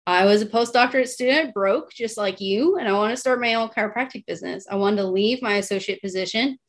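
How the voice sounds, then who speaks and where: A woman in her thirties from Texas presents slides in a chatty, personal way, checking in with her listeners again and again. Her voice sits at a middle pitch for a woman. She speaks as an animal chiropractor coaching others and at times turns emotional. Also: fast. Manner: chatty, keeps asking "right?", emotional in places.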